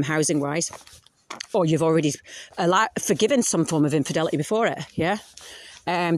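A woman hosting a podcast, talking frankly in a casual monologue and swearing freely. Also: medium pitch. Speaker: podcast host.

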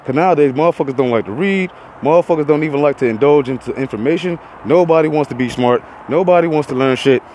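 A man's voice: fairly high pitch, quick pace, few pauses, darkish tone, slight background noise, low-quality recording. A young man hosting a podcast, delivering a heated, profane, repetitive rant. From Florida, USA. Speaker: podcast host.

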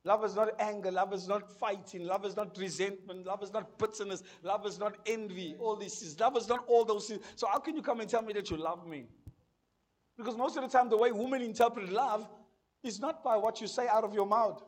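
Man, pastor, very high voice, sermon, loud then hushed, questions the congregation. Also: fairly even intonation, a little fast. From South Africa. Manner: swings between loud proclamation and quiet asides, asks the congregation questions.

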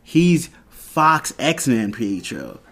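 A man's voice: medium pitch, sing-song, drawn-out words, a bit bright. Brief: young adult male podcast host, loose rambling episode recap, quotes characters' lines casually. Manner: retells scenes with quoted dialogue, loose and rambling.

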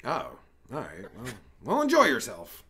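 A man hosting a livestream, trolling strangers on video chat in a crude, mocking way with loud bursts of laughter. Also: medium pitch, wildly swooping pitch, moderate pace. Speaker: livestream host.

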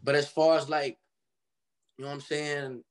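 A young man from Cincinnati tells his story in a loose, slangy way, acting out the voices of the people he quotes. His voice sits a little on the higher side. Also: level tone, moderate pace. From Cincinnati, Ohio. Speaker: guest artist. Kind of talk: casual storytelling interview.

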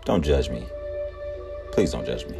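Low-voiced laughing male podcast host. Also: unhurried, creaky, music in the background. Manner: laughs often, animated storytelling, acts out quotes in high voices. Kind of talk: casual storytelling.

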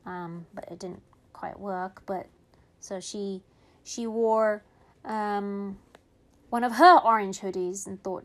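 A woman telling a funny story in a chatty, animated way, acting out the characters' voices. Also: medium pitch, takes it slowly. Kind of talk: casual storytelling.

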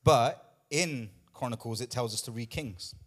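A man's voice: medium pitch, unhurried. A man pastor preaching a sermon with emphatic, repetitive lines, out of breath at times.

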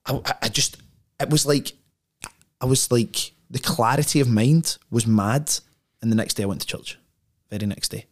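Animated man telling a story. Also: mid-range voice. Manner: animated, slangy, full of fillers like "like" and "right?". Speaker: podcast guest. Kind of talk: casual conversational storytelling.

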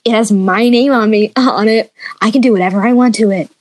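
A woman's voice: fairly high pitch, brisk. A young woman co-hosting a podcast, chatting casually and telling childhood stories with giggles. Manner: giggly, animated storytelling. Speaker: podcast co-host. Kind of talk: casual chat.

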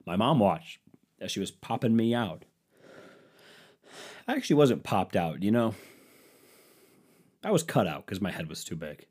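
A man's voice: lowish voice, very animated, measured pace, pauses often, a little mellow, slightly rough. A man doing a rambling comic monologue, sarcastic and profane with mocking asides.

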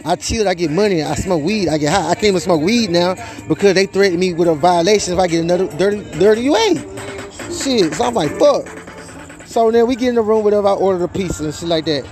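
A man's voice: sits high, fast, a little mellow. A young man telling a long, rambling, profane story about a custody fight, repeating "you know what I'm saying" and trailing off into restarts. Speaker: father telling his side of a custody dispute. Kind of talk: casual storytelling monologue. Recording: faint music behind.

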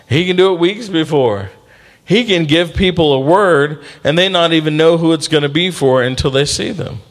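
A man preaching a sermon in a relaxed, talky way, voice pitched a bit above most men's. He keeps calling out to the congregation for a response and acts out the people in his stories. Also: moderate pace. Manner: conversational preaching with call-and-response asides. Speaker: pastor.

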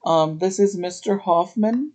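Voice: mid-range voice, unhurried, darkish tone. A podcast host giving a casual, chatty recap of a TV episode, wandering into asides as they go. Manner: meandering, chatty retelling with asides.

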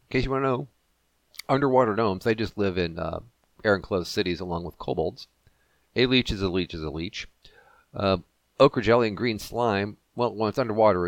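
A man's voice: lowish voice, vocal fry, dry recording. A man hosting a casual solo podcast, rambling and joking at his own expense. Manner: rambling, self-deprecating and jokey. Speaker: podcast host.

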